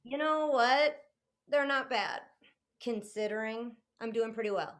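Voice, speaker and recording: A woman's voice: a little high, measured pace. A woman hosting and refereeing a live improv comedy match with playful announcements. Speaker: referee host.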